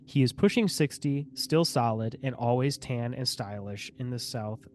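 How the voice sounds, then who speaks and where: A man's voice: mid-range voice, normal speed, a little mellow, slight background noise. Young man reading aloud and joking. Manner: reads the article aloud, then breaks off to mock it, laughing. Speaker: podcast co-host. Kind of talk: casual chat, reading a case aloud.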